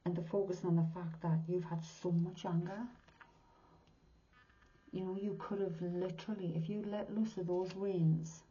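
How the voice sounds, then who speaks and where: Speaking at a moderate pace with fairly even intonation, a sixty-something medium gives a heartfelt, earnest tarot reading in a warm, lowish voice. She frequently drops to a whisper, and the lo-fi recording sounds dull.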